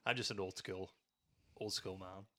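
A man's voice: low-pitched, steady tone, normal speed, bright, forceful tone. A young man, co-hosting a podcast in casual chat, joking, swearing and laughing a lot. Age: young adult. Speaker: podcast co-host.

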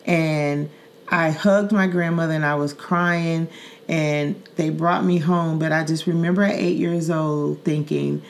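A middle-aged woman from Saint Louis with a low voice tells a story from her own life on a podcast. She speaks earnestly and vividly, often repeating words and using fillers like "um" and "like" as she goes. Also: steady tone, a little slow, creaky. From Saint Louis, Missouri. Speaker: podcast host. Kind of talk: personal storytelling in casual chat.

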